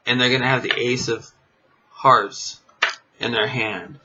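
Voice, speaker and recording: A man's voice: mid-range voice, steady tone, unhurried, pushed and bright, husky. A man teaching a card trick in a casual, rambling way, full of fillers and chuckling at himself. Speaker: magic teacher. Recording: dull lo-fi camera audio.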